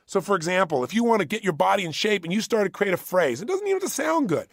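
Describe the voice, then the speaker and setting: A man's voice: sits high, very animated, quick pace, vocal fry, no room sound, studio quality. A man giving a motivational workshop talk, emphatic and punchy, hammering home key phrases by repeating them. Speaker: motivational speaker.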